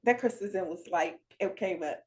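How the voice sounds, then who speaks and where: A woman co-hosting a podcast in casual chat, laughing often and reacting with lively interjections. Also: fairly low pitch, moderate pace. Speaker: podcast co-host.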